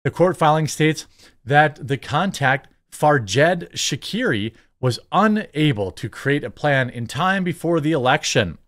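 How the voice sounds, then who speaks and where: A man's voice: on the high side, expressive, unhurried, fairly bright tone. A man hosting his own channel, giving sarcastic, rambling political commentary. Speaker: host.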